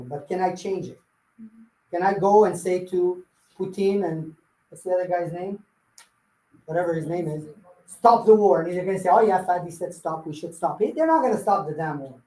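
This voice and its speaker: A real estate sales trainer leads a live sales coaching workshop, bluntly firing rhetorical questions at his audience. His voice is high-pitched and dark in tone, in an echoey room with a rough recording.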